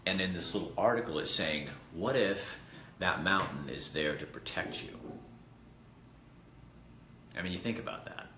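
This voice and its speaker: A man's voice: deep voice, animated, normal speed, long pauses. A man hosting a casual vlog, rambling and earnest as he tells a story and talks to viewers. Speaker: host. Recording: echoey room with faint background noise.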